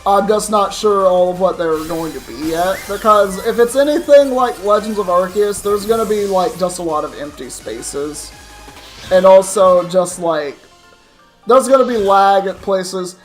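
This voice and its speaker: A young adult streamer giving rambling, casual commentary while playing a game, swearing now and then. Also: mid-range voice. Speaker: streamer playing a Pokemon challenge run. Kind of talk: casual let's-play commentary.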